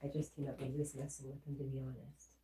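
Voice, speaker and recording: A woman's voice: extremely low pitch, flat delivery, fast, mellow, echoey room, distant mic, poor audio. A woman hosting a casual livestream, chatting with viewers in a playful, teasing way. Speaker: livestream host. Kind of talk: casual live chat.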